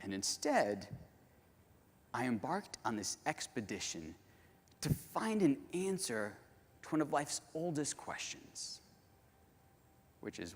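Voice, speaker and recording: Male keynote speaker, lively storytelling delivery, hall reverb. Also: mid-range voice, slow pace, long pauses, breathy edge. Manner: animated, addresses the audience directly. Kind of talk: storytelling conference talk. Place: large conference hall.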